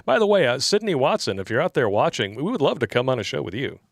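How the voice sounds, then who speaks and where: A man's voice: mid-range voice, big pitch swings, fast, creaky, no echo, clean studio sound. A man co-hosting a casual livestream, reading donations aloud and joking bluntly with crude humor.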